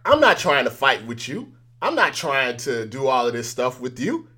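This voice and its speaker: A man's voice: medium pitch, animated, normal speed, pushed and bright, husky. A man hosting a news commentary show, talking straight to his viewers in an emphatic, repetitive way and chuckling between points. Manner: addresses viewers directly. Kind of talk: casual on-camera commentary.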